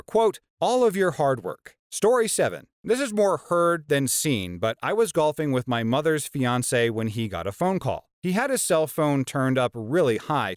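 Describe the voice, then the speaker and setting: A man's voice: fairly high pitch, no room sound, studio quality. A man reading out and commenting on reader-submitted stories in a scripted narration style. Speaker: story narrator.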